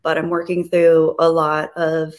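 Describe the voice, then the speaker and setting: Speaking in a low voice with a completely flat delivery and a slightly slow pace, a woman greets viewers on her casual live stream and reads their messages out. When grief comes up, she becomes soft and reflective.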